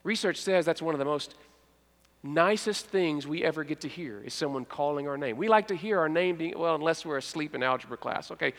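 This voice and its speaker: A man delivers a storytelling sermon in a church sanctuary, and his voice sits noticeably high for a man. The sound carries a long hall reverb. He acts out characters' lines and drops to hushed tones at key moments. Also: brisk, creaky. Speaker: pastor.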